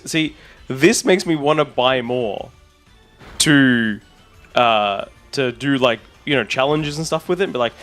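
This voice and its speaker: A man, a streamer, chatting casually and excitably with his audience while rambling on. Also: fairly high pitch. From Australia. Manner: excitable, rambling, talks to chat. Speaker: streamer and content creator. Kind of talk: casual live-stream chat.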